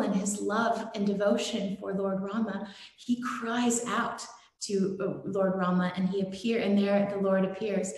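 A woman giving a gentle, devotional sermon and telling a story, with some fillers. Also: mid-range voice. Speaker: satsang speaker. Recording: very echoey room.

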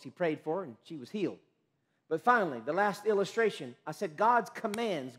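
A man preaches as pastor with lively intonation and a brisk pace. Loud, emphatic bursts give way to low, quiet stretches, and he often restarts in the middle of a phrase.

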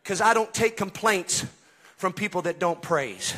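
A man preaching a Pentecostal sermon to a congregation in a church, swinging from quiet asides to shouted, half-sung climaxes and calling out to the crowd. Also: sits high, animated, unhurried. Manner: calls out to congregation, chanting and half-singing lines. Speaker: pastor. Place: church sanctuary.

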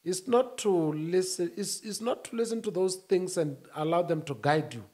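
A man speaking as a union-leader guest, emphatic, rising to shouts and then dropping low. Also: normal speed. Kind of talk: animated interview talk.

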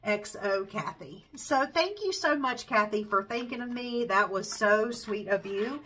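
A woman's voice: a little high, measured pace, breathy edge, poor audio. A woman with a Southern US accent, hosting her craft channel in casual chat. She sounds congested and nasal from a cold and rambles along with lots of fillers. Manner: chatty, warm-hearted, says y'all and um a lot.

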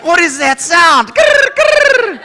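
A man's voice: big pitch swings, moderate pace, very noisy. A man voicing a brash, cheeky male puppet doing stand-up comedy with a South African accent. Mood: mocking. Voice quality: high, sharp, mocking. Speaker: ventriloquist's puppet.

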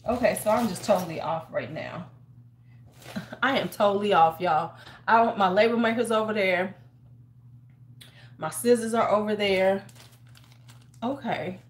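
A woman's voice: medium pitch, slight background noise. A woman hosting a casual beauty livestream from her home, chatting, greeting viewers by name and talking to herself as she works. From United States. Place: home in winter.

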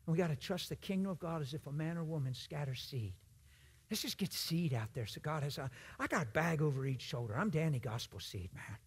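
A man preaching a sermon in a church, folksy and emphatic, swinging from loud exhortation to hushed asides. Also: on the high side, lively intonation, brisk, husky.

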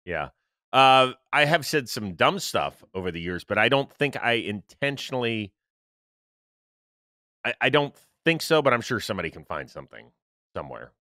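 A man's voice: mid-range voice, no echo, studio quality. A man hosting a sports podcast, ranting in casual chat and swearing freely. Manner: animated, profane, quick to rant. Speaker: podcast host.

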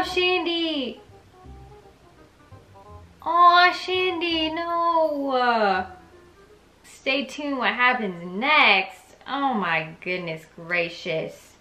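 Bright-voiced young woman reading a story game. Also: a little high, roomy sound. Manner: chatty and reactive, switches between reading and commenting. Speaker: gaming YouTuber reading a story game aloud. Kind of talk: reading story dialogue with live reactions.

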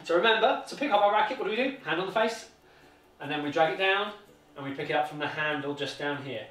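Bright and forceful, a British man's high, animated voice moves quickly as he coaches a toddler in tennis. He keeps it sing-song and encouraging with plenty of repeated instructions, recorded in an echoey room from a distance over faint music.

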